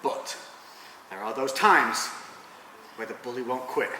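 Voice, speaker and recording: A man hosts a self-defence tutorial, explaining in a calm, reassuring way with the odd dry joke. He sounds distant, in a long-reverberating hall. A steady background noise sits under his voice. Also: mid-range voice, measured pace. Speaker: fitness coach and host.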